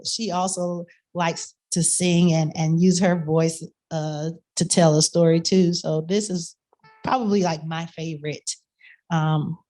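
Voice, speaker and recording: A woman's voice: on the low side, darkish tone. A woman giving a reflective, personal talk about storytelling and music to an audience.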